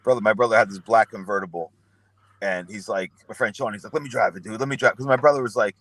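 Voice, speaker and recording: Talking quickly in a low, somewhat bright voice, this young man rambles through profane anecdotes as a podcast guest. He performs the quotes of people in his casual stories.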